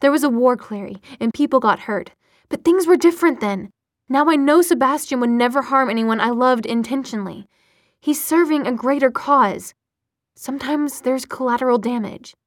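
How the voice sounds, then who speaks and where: A woman reading an audiobook, voicing a cocky, teasing young man who speaks smoothly and mockingly. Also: sits high, moderate pace, dry recording, studio quality, natural voice.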